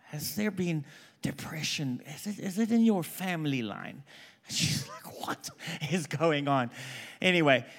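Male conference preacher, lively storyteller, slightly higher voice, drops low when quoting others. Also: a little slow, gravelly. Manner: animated storyteller, quoting people in hushed voices.

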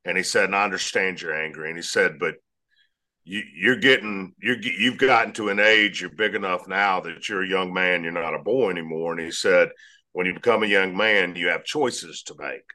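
Deep bright-toned man. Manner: measured, earnest storytelling. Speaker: guest. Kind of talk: storytelling interview answer.

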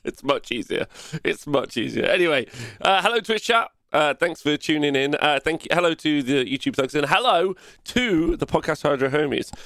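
A man's voice: on the high side, a bit bright, no echo. A man with a Nottinghamshire accent hosting a casual live-streamed chat show, loose and jokey, full of fillers. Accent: Nottinghamshire English. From England. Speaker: podcast host.

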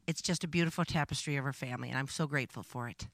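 A woman's voice: rumbling low, racing, a little hiss or hum. An older woman, a grandmother and the pastor's wife, giving an earnest, reflective personal testimony.

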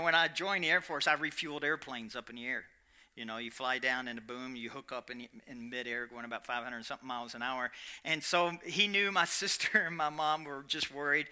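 A middle-aged man preaching a personal testimony in a storytelling sermon style, swinging between loud animated stretches and hushed quiet ones. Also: on the high side, clear, resonant tone.

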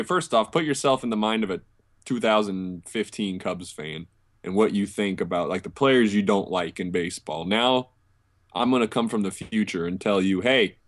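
A young man co-hosting a casual sports podcast, thinking aloud with frequent fillers and restarts. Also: fairly low pitch. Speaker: podcast co-host.

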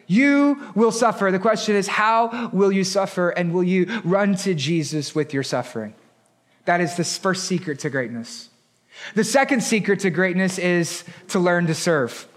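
High-voiced pastor preaching a sermon. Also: male voice, animated, a little slow. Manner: builds from quiet to shouted emphasis.

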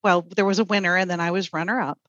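A woman poet on a radio show, chatting with many fillers and then reading a poem in a smooth, deadpan way. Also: lowish voice, quick pace, no room sound, lo-fi sound. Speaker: poet, festival guest. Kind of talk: casual radio chat and poetry reading.

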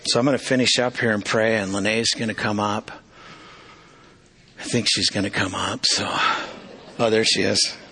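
Middle-aged male preacher, forceful low delivery, earnest, halting, confessional. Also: fairly even intonation, slight background noise. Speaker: preacher giving testimony. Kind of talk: testimony sermon.

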